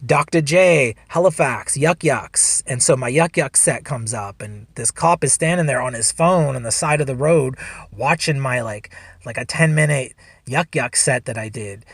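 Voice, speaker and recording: A man's voice: medium pitch, moderate pace, husky, no echo. A male stand-up comedian hosting a solo podcast, telling a rambling, profane story. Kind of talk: casual storytelling.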